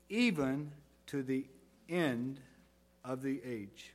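Slow, deliberate preaching man. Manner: deliberate, swings from soft low phrases to loud emphatic ones. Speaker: pastor. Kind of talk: sermon.

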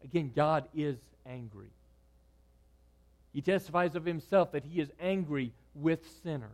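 A man preaching a sermon, moving between loud, emphatic lines and hushed, quiet ones. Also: a little high, unhurried. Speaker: pastor.

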